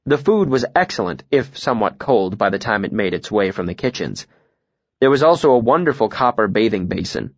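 A man reading a first-person novel aloud in a calm, even, reflective way. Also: fairly low pitch, fairly quick, no echo, muffled recording. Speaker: audiobook narrator.

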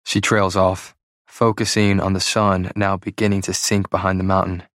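A man narrating a story in the first person, in a measured, even reading. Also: deep voice, no room sound, clean studio sound. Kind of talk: audiobook narration.

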